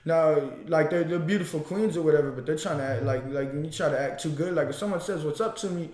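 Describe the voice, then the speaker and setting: A man's voice: a little high, quick pace, echoey room. A young man from Missouri, a podcast guest and amateur kickboxer, telling stories in casual chat with lots of swearing and restarts. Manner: profane, rambling, animated storytelling.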